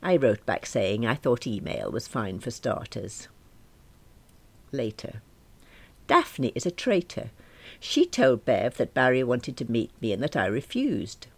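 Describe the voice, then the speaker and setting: A woman's voice: rumbling low, sing-song, unhurried, vocal fry, husky. A woman reading a diary-style story aloud in a wry, dry manner. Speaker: reader.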